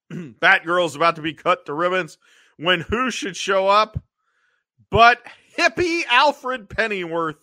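A man co-hosting a podcast, recapping an old TV episode in an animated way, acting out the characters' lines and often clearing his throat. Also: high-pitched, slow, dry recording, studio quality. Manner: animated storytelling, acting out quotes in funny voices. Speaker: podcast co-host.

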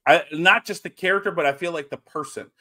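A man from South Louisiana, co-hosting a casual wrestling podcast, animated and chatty. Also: fairly high pitch, fast. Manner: animated, drops into mock Cajun voices. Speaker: podcast co-host.

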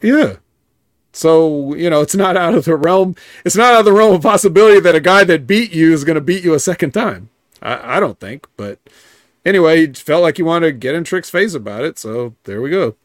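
A man's voice: a little high, expressive, brisk, dry recording. A man co-hosting a wrestling podcast, recapping the shows in a matter-of-fact, sarcastic way. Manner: recaps events matter-of-factly, dry sarcasm. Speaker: podcast co-host.

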